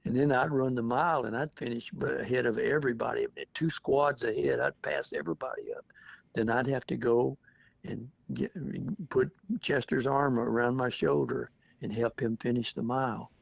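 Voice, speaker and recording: Speaking with a mid-range, gravelly and husky voice, a veteran in his seventies shares stories in an oral history interview, talkative and often laughing as he acts out what was said. His intonation stays fairly even at a moderate pace, on a dull, dry, lo-fi recording.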